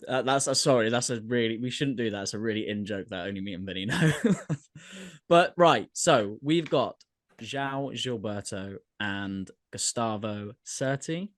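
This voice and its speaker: A man's voice: medium pitch, normal speed, dry recording. A man hosting a podcast in casual chat, rambling and laughing a lot. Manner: laughs often, rambling, self-correcting. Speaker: podcast host.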